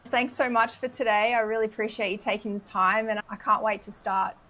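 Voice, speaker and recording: Relaxed woman hosting a podcast chat. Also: medium pitch, fairly quick. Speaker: podcast host, nursing student. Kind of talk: casual interview chat.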